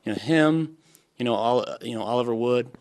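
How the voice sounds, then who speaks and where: A man's voice: medium pitch, moderate pace, a little mellow, clear, resonant tone. A man, the cinematographer, talking earnestly about his inspirations and searching for words. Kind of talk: casual panel interview.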